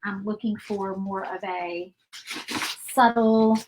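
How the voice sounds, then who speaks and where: A woman hosting a casual painting tutorial. She is chatty and rambles, thinking out loud with fillers and little asides. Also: medium pitch, steady tone, takes it slowly, very noisy. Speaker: craft channel host.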